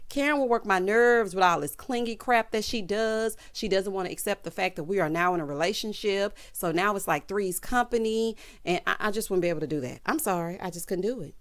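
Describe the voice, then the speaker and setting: A woman's voice: medium pitch, fairly quick, hardly any pauses. A woman recapping a TV drama in casual, sassy commentary, acting out the characters' lines in a Southern-tinged style. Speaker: TV recap host.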